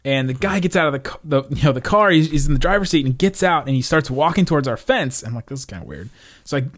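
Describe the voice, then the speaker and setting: A man from Florida co-hosting a podcast, telling stories in a casual chat and laughing often. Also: a little high. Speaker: podcast co-host.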